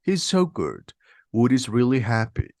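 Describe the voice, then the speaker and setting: A man narrates a simplified audiobook in a steady, plain reading. His voice sits at an ordinary middle pitch. The recording is dry and close. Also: unhurried, no room sound. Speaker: reader.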